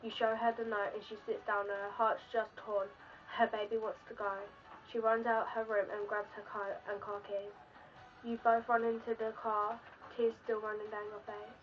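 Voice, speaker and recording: A woman's voice: mid-range voice, flat delivery, moderate pace, distant mic, highs cut off. A woman vlogger telling an emotional story in the second person, earnest and pleading.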